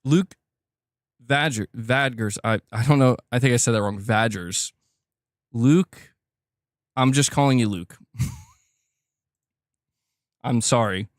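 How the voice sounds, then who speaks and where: A man's voice: mid-range voice, moderate pace, pauses often, no echo, studio quality. A man hosting a gaming news livestream in casual commentary, reading donations aloud and talking straight to his chat. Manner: chatty, reads donations aloud, talks to chat directly.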